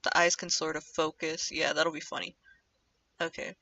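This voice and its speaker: A young woman livestreaming while she animates, chatting casually in a rambling way and drifting into low muttering to herself as she draws. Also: level tone, moderate pace, bright, forceful tone, recorded from a distance. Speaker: streamer animating live. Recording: dull lo-fi mic set back from the speaker.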